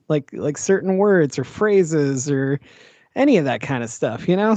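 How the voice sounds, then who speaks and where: A podcast co-host in relaxed conversation about a film. They are laid-back and wry and drop casual swears. The sound is dry and close with no room echo. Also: medium pitch, highs cut off. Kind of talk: casual movie discussion.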